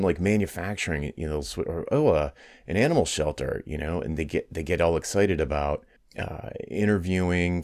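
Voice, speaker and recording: Very deep-voiced casual male host. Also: dry recording, studio quality. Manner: casual, many fillers like "like" and "uh". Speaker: podcast host. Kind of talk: conversational interview.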